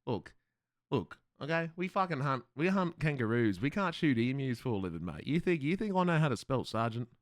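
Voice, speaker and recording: An Australian man chatting casually with his viewers on a live stream, loud and excitable, swearing freely. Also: mid-range voice, a little fast, dry recording, studio quality.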